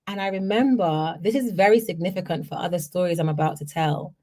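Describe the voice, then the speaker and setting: Woman from jamaica telling stories on her podcast, animated, keeps checking you follow. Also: lowish voice, brisk, few pauses. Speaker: podcast host. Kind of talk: personal storytelling.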